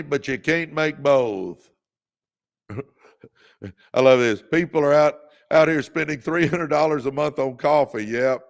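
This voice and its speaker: A man with a gravelly, slightly high voice, hosting a motivational livestream. He urges viewers on in a revved-up, preacher-like way and calls them out by name. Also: a bit bright. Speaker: podcast host.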